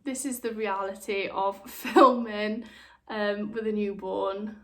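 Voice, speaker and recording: A young woman talks openly to camera in a frank, chatty vlog. Her voice sits at an ordinary middle pitch for a woman. She drops into quick voices of other people when she quotes them. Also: steady tone, a bit bright. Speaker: vlogger, new mother. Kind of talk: candid personal chat to camera.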